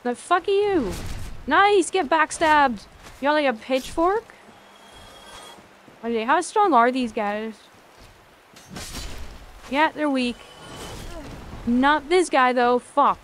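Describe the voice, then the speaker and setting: A woman with a high voice commentates her gameplay live. She is excitable, curses often and chats casually with her viewers between fights. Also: slow, pauses often, slight background noise. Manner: excitable, swears often, talks to chat. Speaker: game streamer.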